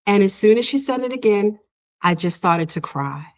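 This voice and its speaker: A woman's voice: mid-range voice, animated, normal speed. A woman guest sharing a personal story in conversation, earnest and emotional, laughing often between many fillers. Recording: dull lo-fi audio.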